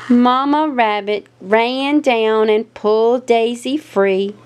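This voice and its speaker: Woman storyteller, playful sing-song picture-book reading, slightly high voice, unhurried. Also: clean tone.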